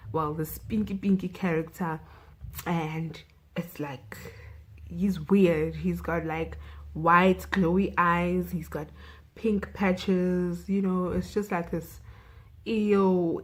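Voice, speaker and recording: A woman's voice: fairly low pitch, steady tone, slow, poor audio. A young South African woman vlogger recapping a film in a chatty way, saying "like" and "you know" a lot.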